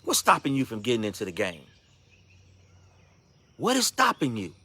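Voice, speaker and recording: Animated man preaching like a coach. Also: mid-range voice, moderate pace, breathy edge. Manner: animated, repetitive, slangy coaching exhortation. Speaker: ministry speaker. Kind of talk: motivational devotional talk.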